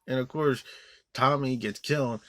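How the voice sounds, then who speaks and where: A man's voice: mid-range voice, fairly even intonation, normal speed, sharp tone, dry recording. A man giving an angry, profane movie review rant, rambling with many restarts and fillers. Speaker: film reviewer.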